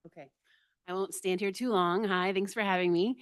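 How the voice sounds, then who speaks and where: A woman's voice: mid-range voice, fairly even intonation, brisk, clean tone, dry recording, studio quality. A woman program coordinator presenting to a school board in a composed, plain-spoken way.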